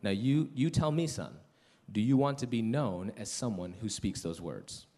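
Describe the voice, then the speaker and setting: Preaching to his congregation, this middle-aged pastor speaks in a voice on the low side. He alternates between quiet, slow passages and bursts of loud, enthusiastic storytelling.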